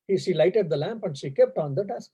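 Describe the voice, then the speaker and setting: A man's voice: high voice, expressive, fairly quick, dark tone, breathy edge, muffled recording. A man, a monk, giving a spiritual lecture that mixes teaching with stories, speaking in an earnest, explanatory way with frequent fillers. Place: embassy lecture event.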